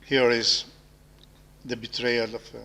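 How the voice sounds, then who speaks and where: A man's voice: mid-range voice, flat delivery, bright, forceful tone, a little hiss or hum. A man with a Greek accent hosting an interview, speaking hesitantly with frequent fillers. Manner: slow, hesitant, many fillers. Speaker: interview host, professor. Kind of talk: conversational interview. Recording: long reverb of a hall.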